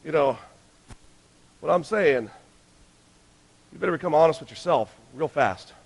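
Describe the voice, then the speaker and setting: High gravelly preacher man. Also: lively intonation, measured pace. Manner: emphatic, swings between loud urgent lines and hushed ones. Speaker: pastor. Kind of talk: sermon.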